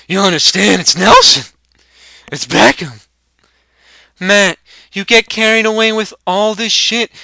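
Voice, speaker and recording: A man's voice: sits high, gravelly, bright, forceful tone, no echo, clean studio sound, voice pushed up, heavily acted. A young man voicing a brash, profane sports bettor who trades crude insults. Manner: crude insulting trash talk.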